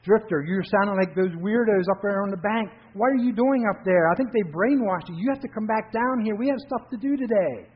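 A husky-voiced man preaching, putting on a dismissive young friend with a raised voice. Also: sits high, a little fast, few pauses, pitched above the performer's own voice. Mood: scoffing. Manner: dismissive, mocking. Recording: dull lo-fi recording.

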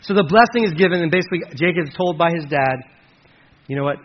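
A preacher delivering a sermon in a loose, conversational manner, with quick jokey asides to his congregation. His voice sits fairly high for a man, and the recording is a little dull, with faint hiss underneath. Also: animated. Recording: slightly muffled with faint hiss.

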